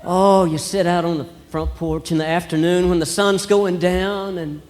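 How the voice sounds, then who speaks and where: High-voiced Southern man doing stand-up. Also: fairly even intonation, darkish tone. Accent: Southern American. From Alabama. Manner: slow folksy drawl, acts out voices in his stories. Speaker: stand-up comedian. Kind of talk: stand-up comedy set. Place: church hall with a live audience. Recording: long hall reverb, faint room noise.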